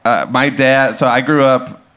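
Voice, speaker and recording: A man in his thirties from Minnesota tells an animated comic story live on stage, laughing and acting out the quotes. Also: medium pitch, a little slow. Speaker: guest storyteller. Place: club stage before a live audience.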